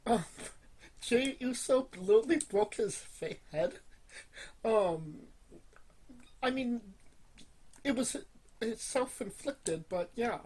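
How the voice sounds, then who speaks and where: A woman co-hosting a podcast, talking casually and hesitantly with many pauses and restarts. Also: on the high side, darkish tone, poor audio. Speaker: podcast co-host. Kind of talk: casual wrestling chat.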